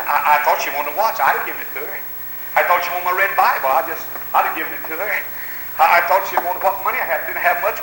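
A high-voiced man preaches, his tone sharp and piercing. He tells stories and breaks out in shouts. The sound is echoey, from an old tape of a church with faint hiss. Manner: storytelling with shouted outbursts. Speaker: pastor. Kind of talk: sermon.

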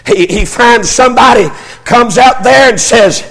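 An older man preaching a sermon as pastor, fervent, swelling into shouts and stammering restarts. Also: very high voice, measured pace, vocal fry, big-room sound.

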